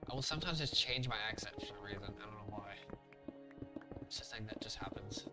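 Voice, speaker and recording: A man's voice: lowish voice, brisk, low-quality recording. A man live-streaming a game, chatting casually with viewers in a rambling, thinking-aloud way full of fillers. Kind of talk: casual live-stream chat while gaming. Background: background music.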